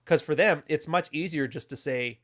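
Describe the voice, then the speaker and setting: A man's voice: on the high side, normal speed, a bit bright. A man hosting a casual livestream, telling a story in a blunt, profane way. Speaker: commentary host.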